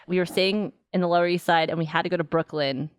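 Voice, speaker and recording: A young woman from Los Angeles, a guest musician, telling a story in casual chat, animated and full of "like" fillers. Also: lowish voice, fast, clean tone, no room sound, studio quality. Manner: animated, frequent "like" fillers, acts out quotes.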